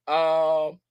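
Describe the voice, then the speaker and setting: A man's voice: on the high side, no echo. A man in his fifties hosting a casual trading livestream, joking and slangy and laughing often. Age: 50s.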